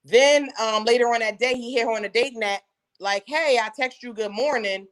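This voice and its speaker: A woman co-hosting a casual podcast chat, telling stories in a lively, slangy way. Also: fairly high pitch, brisk. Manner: animated storyteller, slangy and laughing. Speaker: co-host.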